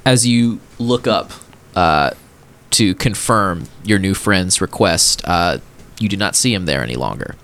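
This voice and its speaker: A man's voice: deep voice, animated, measured pace, a bit bright. A man running a tabletop game as game master, narrating hesitantly with many fillers.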